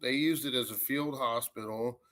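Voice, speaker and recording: A man, a paranormal investigator telling a ghost story in a rambling, animated way. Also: medium pitch, moderate pace. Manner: rambling, animated retelling with acted quotes. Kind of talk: casual storytelling.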